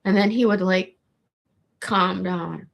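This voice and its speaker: A woman with a gravelly voice, rambling casually in a monologue with restarts and swearing. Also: medium pitch, steady tone, slow pace, dull audio. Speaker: vlogger.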